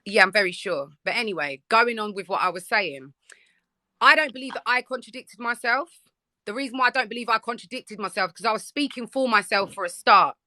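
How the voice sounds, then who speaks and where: A woman's voice: mid-range voice, expressive, fairly quick, sharp tone, no room sound. A woman in a heated live debate, insisting on her point and talking over the other speaker. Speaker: guest debating on a live stream.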